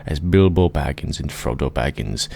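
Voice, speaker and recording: A man's voice: very deep voice, lively intonation, moderate pace, gravelly, mellow, a little hiss or hum. A man narrating an improvised comic fantasy story with rambling, laughing asides.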